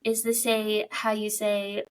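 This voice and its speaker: A woman voicing a friendly middle-aged male neighbor with a put-on Slavic-sounding accent, jovial and halting in his phrasing. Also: medium pitch, monotone, a little hiss or hum, close to an everyday voice.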